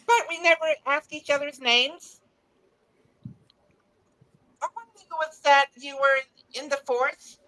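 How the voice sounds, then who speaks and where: A woman voicing a nervous young female ensign in an amateur audio drama, her voice hoarse and apologetic, breaking off into halting phrases. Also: high voice, pushed and bright, exaggerated voice, rough recording. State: hoarse, coughing.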